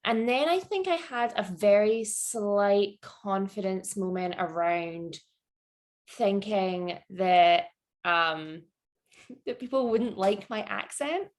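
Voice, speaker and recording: A woman's voice: mid-range voice, slow pace. A woman with a Scottish accent, talking as a guest in a casual interview, laughing often and filling her speech with "like". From Scotland. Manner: chatty, laughs often, many "like" fillers.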